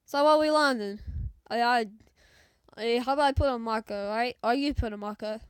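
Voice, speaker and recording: High-voiced woman, put-on British accent. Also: normal speed, clean tone, no echo. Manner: loud, excitable, slang-heavy. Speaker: gaming YouTuber. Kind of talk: mobile game commentary.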